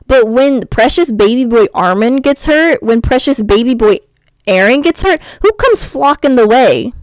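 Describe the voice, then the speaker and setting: A young woman ranting casually in a vlog, animated and chatty, swearing freely. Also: fairly high pitch, no room sound. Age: young adult. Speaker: YouTuber.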